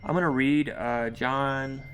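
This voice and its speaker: Outdoors in a yard, a man preaches an informal sermon in a loose, rambling, conversational way, with frequent asides and lots of "all right." His voice is medium-pitched and a bit bright, with fairly even intonation and a slow pace, and there is slight background noise.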